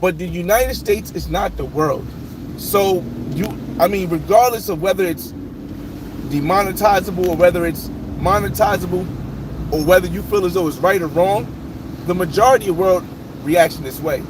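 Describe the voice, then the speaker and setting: Man, high voice, casual live stream host, talking while driving, phone mic in the car, steady road noise. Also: normal speed. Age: adult. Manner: talks to chat, reading names and shouting out viewers. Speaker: livestream host. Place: inside a moving car. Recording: road and engine noise behind.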